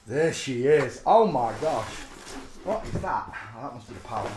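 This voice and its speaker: A man chatting excitedly as he unboxes a parcel, cooing softly to his dog in between. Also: mid-range voice, moderate pace, roomy sound, a little hiss or hum. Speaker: channel host. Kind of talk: casual unboxing chat.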